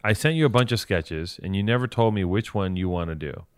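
A man's voice: on the low side, a little fast, clean tone, dry recording. A man co-hosting a podcast in casual banter, talkative, teasing and profane, explaining things at length. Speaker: podcast co-host.

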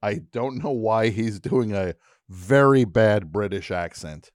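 A man with a lowish voice chats casually in a radio studio, telling a story with real animation. He keeps dropping into goofy impressions and mock accents for the bits. The mic is close and the sound is dry, with no room around it. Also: takes it slowly, no room sound. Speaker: radio show host. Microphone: studio microphone.

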